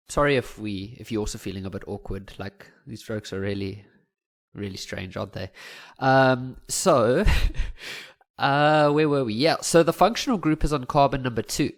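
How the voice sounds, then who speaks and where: South African man, young adult, chatty teacher, mid-pitch voice, jokes constantly. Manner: chatty, jokey, laughs at his own jokes. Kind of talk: casual online lesson.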